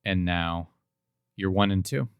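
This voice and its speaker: Laid-back low-voiced podcast guy. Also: measured pace, clear, resonant tone, dry recording, highs cut off. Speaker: podcast co-host. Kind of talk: casual chat.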